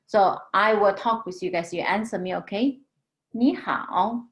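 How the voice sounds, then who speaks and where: A woman teaching a language lesson, patiently explaining tones and drawing out model words slowly. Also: mid-range voice, fairly even intonation. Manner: slow, patient, drawn-out model pronunciations.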